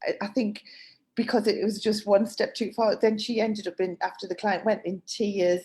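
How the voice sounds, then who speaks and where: A woman's voice: medium pitch, steady tone, normal speed, warm tone. A woman hosting an interview, telling a work story in a hesitant, chatty way with many restarts. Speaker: salon owner and host. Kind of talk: casual interview chat.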